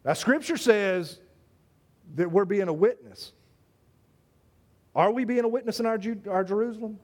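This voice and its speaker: A man's voice: high voice, moderate pace, a little mellow. A man preaching a sermon to his church, emphatic and repetitive, full of rhetorical questions. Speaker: pastor.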